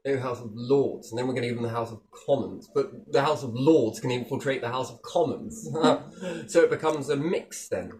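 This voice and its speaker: A man's voice: mid-range voice, normal speed, few pauses, low-quality recording. Playful man in casual chat. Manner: animated, playful, slips into silly put-on voices.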